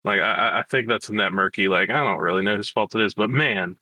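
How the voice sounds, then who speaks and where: A man's voice: lowish voice, fast talker, bright, forceful tone, no echo, poor audio. A man co-hosting a sports podcast, talking casually and rambling with hesitant restarts. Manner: rambling, hesitant, self-correcting. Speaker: podcast co-host.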